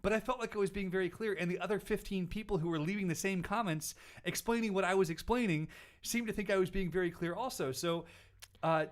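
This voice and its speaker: A man hosting a casual question-and-answer show, telling stories in an animated way and sometimes acting out other people. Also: fast. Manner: animated storytelling, mimics people in high voice. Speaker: host answering viewer questions. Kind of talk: casual chat.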